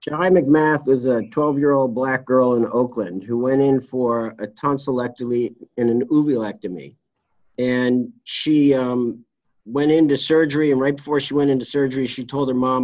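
Blunt, salty trial lawyer telling a story. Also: male voice, medium pitch, fairly even intonation, moderate pace, a little mellow, no room sound, dull audio. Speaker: trial lawyer, interview guest. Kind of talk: candid storytelling interview.

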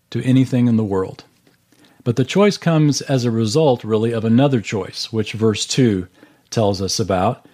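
Earnest man teaching scripture, warm voice. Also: medium pitch. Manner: earnest, steady explanation with verse-by-verse readings. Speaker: Bible class teacher. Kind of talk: Bible teaching. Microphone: video call.

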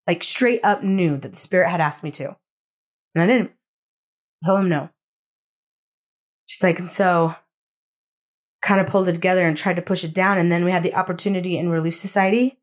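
A woman's voice: on the low side, fairly quick, pauses often. A woman in her adult years reads scripture and tells a personal story, acting out the dialogue as she goes. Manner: animated storyteller who acts out dialogue. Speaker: podcast host.

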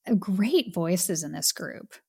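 A woman's voice: fairly low pitch, expressive, slow pace, gravelly, warm tone, breathy edge, no room sound, studio quality. A woman co-hosting a podcast, chatting with enthusiasm about an album and saying "like" a lot. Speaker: podcast co-host. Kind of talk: casual music review chat.

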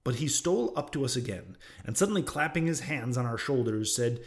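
A man narrating a classic novel as an audiobook, in a measured reading style that drops low on speech tags. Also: lively intonation.

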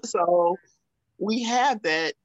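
A woman's voice: medium pitch, very slow, dry recording, highs cut off. A woman with a thick Southern accent hosting a podcast interview, talking casually with lots of "like.". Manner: casual, frequent fillers like "like". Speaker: podcast host. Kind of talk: conversational interview.

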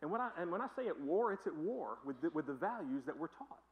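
A man's voice: on the high side, sing-song, fast, muffled recording. A male pastor preaching a sermon in a conversational, emphatic way with joking asides.

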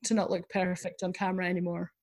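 A woman guest on a podcast interview, talking frankly and in a lively way, poking fun at herself. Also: on the low side, fast talker. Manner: frank and lively, self-deprecating. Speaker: guest, business owner. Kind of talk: casual interview chat.

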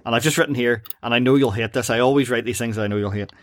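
A man talks casually through a cartoon episode with a co-host, slipping into quick voices for the characters and laughing often. His voice sits at an ordinary middle pitch. The sound is close and dry, with no room around it. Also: a bit bright, dry recording. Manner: chatty, retells scenes with quick quoted voices and laughs. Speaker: podcast co-host.

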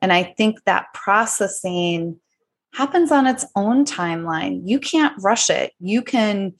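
A woman hosting a podcast, talking in a thoughtful, measured way in casual conversation. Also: mid-range voice, animated. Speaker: podcast host.

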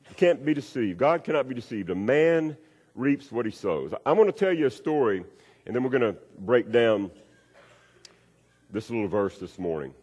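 Folksy preacher, lively voice. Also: male voice, medium pitch, normal speed, husky. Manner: folksy, storytelling, repeats key phrases. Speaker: pastor. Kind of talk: sermon. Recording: long reverb of a large hall.

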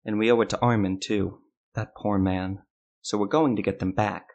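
A man voicing a sharp-tongued young female witch with a blunt, cutting way of speaking. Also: on the low side, steady tone, moderate pace, natural voice. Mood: firm.

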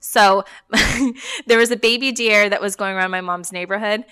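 A young woman co-hosting a casual podcast chat, telling stories in an animated way and acting out voices as she goes. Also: medium pitch, normal speed, clean tone. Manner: animated storyteller, acts out voices, laughs often. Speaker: podcast co-host.

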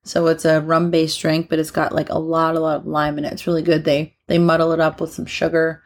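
A young woman in her twenties co-hosting a podcast in a relaxed, chatty way with dry humor. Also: sits low, brisk. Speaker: podcast co-host. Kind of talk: casual chat.

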